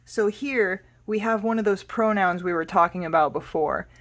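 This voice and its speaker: A woman's voice: mid-range voice, moderate pace. A woman teaching a Spanish lesson, explaining patiently and spelling words out letter by letter.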